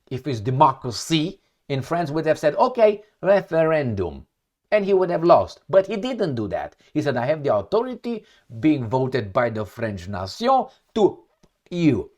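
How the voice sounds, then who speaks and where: A man giving an opinionated commentary on news, reading excerpts and adding sarcastic, scornful asides and rhetorical questions. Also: medium pitch. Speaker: political commentator.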